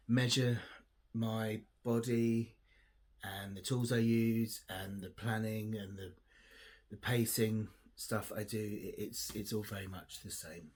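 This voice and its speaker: A man vlogging casually, his voice soft-spoken and measured. The tone is low and a little husky. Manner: baby talk to his dog, excited and loud. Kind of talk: casual vlog narration.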